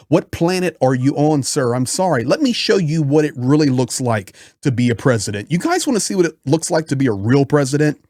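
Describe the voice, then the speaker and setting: A man's voice: a little high, lively intonation, brisk, hardly any pauses, a little mellow, dry recording, clean studio sound. A man giving impassioned political commentary in a frustrated, emphatic way.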